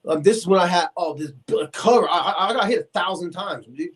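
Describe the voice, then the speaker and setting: A fast-talking man in his forties with a high-pitched, slightly rough voice is a guest on a podcast. He tells a long, informal story with animation, lots of fillers, and acted-out voices for the quotes.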